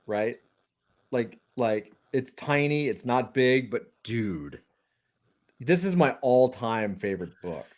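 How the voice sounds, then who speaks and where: A man co-hosting a casual chat show, talking excitedly and rambling with many fillers. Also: medium pitch, slow. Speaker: podcast co-host.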